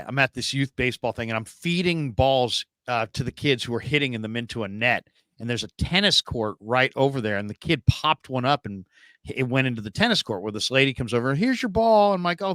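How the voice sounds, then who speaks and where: A man in his forties hosting a casual sports talk show, telling stories with lively acted-out quotes. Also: mid-range voice, brisk, dry recording. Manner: animated storyteller, acts out quoted people. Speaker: show host. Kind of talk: casual sports podcast chat.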